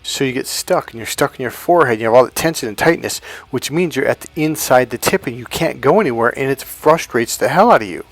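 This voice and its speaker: A man's voice: medium pitch, animated, fast talker, few pauses, dry recording, soft background music. A middle-aged man coaching in a blunt, emphatic way. He swears freely and repeats phrases for stress. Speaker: dating coach. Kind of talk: coaching talk to camera.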